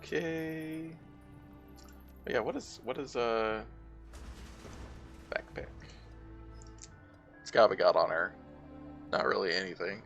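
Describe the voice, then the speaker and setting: Gravelly guy streaming a game, reads narration out loud, wry asides. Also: fairly low pitch, unhurried, long pauses, faint music behind. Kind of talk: game playthrough, reading narration aloud and commenting.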